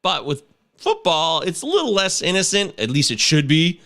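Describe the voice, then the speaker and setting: A man in his thirties hosting a casual sports podcast, animated and swearing, breaking into shouts and chants. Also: fairly high pitch, moderate pace, creaky. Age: 30s. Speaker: podcast host.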